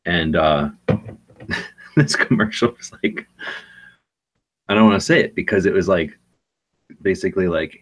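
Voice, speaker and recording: A man chatting on a podcast, telling animated stories and mimicking people. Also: sits low, unhurried, pauses often, slightly rough. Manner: animated storyteller, mimics others. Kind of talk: casual chat.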